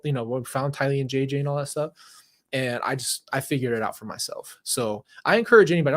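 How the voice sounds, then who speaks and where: A young adult man hosts his own show, talking candidly and emphatically through a personal story into a handheld mic. His medium-pitched delivery is conversational, with plenty of "like" and frequent restarts.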